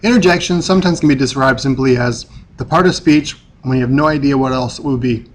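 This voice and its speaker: A man's voice: medium pitch, quick pace. Man explaining grammar, methodical teacher. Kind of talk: recorded grammar lesson.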